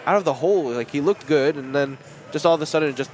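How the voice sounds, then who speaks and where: A man's voice: a little high, quick pace, darkish tone, low-quality recording. A man doing color commentary on a sports livestream, reacting with surprise and laughing easily.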